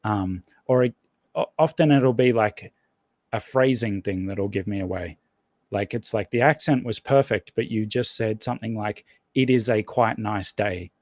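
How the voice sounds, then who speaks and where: A man's voice: on the low side, moderate pace, darkish tone, dry recording. A man as a podcast guest in casual conversation, rambling and thinking aloud with lots of restarts. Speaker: podcast guest, language learner.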